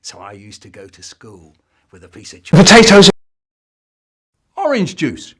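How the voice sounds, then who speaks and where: A man with a lowish voice and wildly swooping pitch tells comic stories at normal speed. As a storyteller he is playful and exaggerated and does funny voices, in animated storytelling built from remixed clips.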